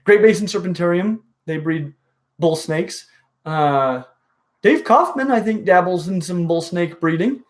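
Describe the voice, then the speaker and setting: A man hosting a casual reptile livestream, enthusiastic and full of halting restarts. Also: sits high. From dry western region. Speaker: reptile show host.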